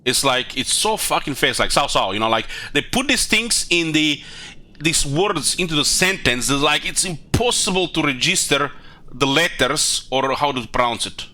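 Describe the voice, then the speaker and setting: A man's voice: on the high side, lively intonation, normal speed, bright, forceful tone. A man streaming a video game, chatting casually in a rambling, profane way with lots of fillers. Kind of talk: casual gaming commentary.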